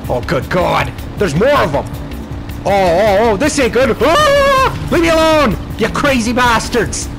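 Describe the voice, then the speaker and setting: Excitable young man doing game commentary. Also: high-pitched, normal speed. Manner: excitable, swears, frantic exclamations. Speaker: gaming channel host. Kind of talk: let's play commentary. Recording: game music underneath.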